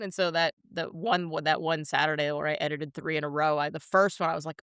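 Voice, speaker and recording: A woman in her fifties with a slight New Jersey accent, co-hosting a podcast in casual chat, blunt and quick to swear and laugh. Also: deep voice, fairly even intonation, fairly bright tone, clean tone, no room sound, clean studio sound. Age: 50s. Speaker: podcast co-host.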